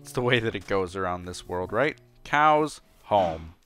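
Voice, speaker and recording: A chatty man talks through a video game in an easygoing let's-play style. His voice sits a little low, and he sounds playful, eager and quick to get excited. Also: soft background music. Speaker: gameplay commentator. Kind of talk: casual let's-play commentary.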